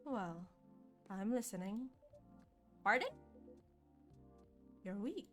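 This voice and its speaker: Hyde, a woman's hushed vampire voice. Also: medium pitch, lively intonation, soft background music. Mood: aloof. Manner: measured, dry, aloof. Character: suave ageless male vampire model, calm. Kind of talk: streamer voicing game dialogue.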